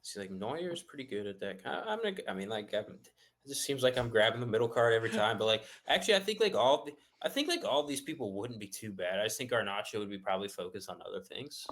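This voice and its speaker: A man with a low but bright, forward voice speaks as a guest in a casual chat. He rambles through his answers, restarting and padding them with fillers. He sounds easygoing and unhurried. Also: animated.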